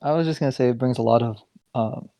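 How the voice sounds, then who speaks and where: A young man co-hosting a podcast, chatting casually in a measured way with some stumbling restarts. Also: mid-range voice, creaky, a crowd in the background. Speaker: podcast co-host. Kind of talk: casual chat.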